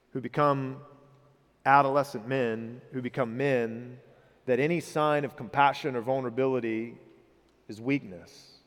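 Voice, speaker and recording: A man in his thirties preaching a sermon as a pastor, earnest and rising in emphasis when he retells the story. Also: medium pitch. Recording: reverberant hall.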